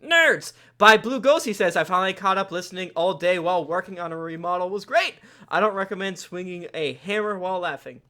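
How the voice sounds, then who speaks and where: Male podcast host, high and bright, playful jokey reader. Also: steady tone, quick pace. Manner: playful, jokey reading with bursts of loud emphasis. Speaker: podcast host reading listener reviews. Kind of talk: casual comedic podcast banter.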